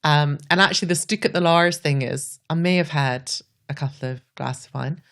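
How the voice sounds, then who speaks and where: A woman's voice: low voice, normal speed, creaky, a bit bright. A Scottish woman, a podcast guest, talking earnestly and reflectively, often saying "like". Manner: earnest, says "like" a lot.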